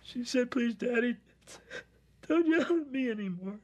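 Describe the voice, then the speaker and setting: An actor playing a stressed father in therapy who drinks, talking haltingly and restarting and repeating his words. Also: medium pitch, fairly bright tone, close to an everyday voice. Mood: agitated. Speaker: therapy client. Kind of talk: simulated therapy session.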